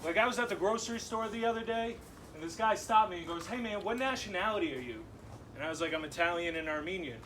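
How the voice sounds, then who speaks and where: A young man from Massachusetts doing a stand-up set in a comedy club, animated and punchy, with laughing asides. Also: high voice, fast talker, recorded from a distance, slight background noise, low-quality recording.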